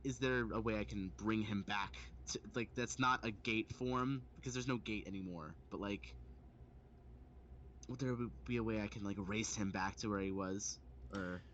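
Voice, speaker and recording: A man playing a tabletop game chats in a loose, filler-heavy way, his voice lowish. The sound is dull and lo-fi, coming through an online voice call. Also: steady tone, moderate pace, a bit bright, slight background noise. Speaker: player. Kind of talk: casual tabletop game chat. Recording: dull lo-fi mic.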